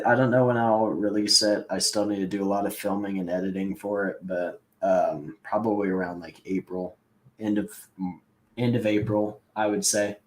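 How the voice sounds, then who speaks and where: A man's voice: on the low side, rough recording. A young man co-hosting a casual podcast, talking loosely with many fillers. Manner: loose and rambling, lots of fillers. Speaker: co-host.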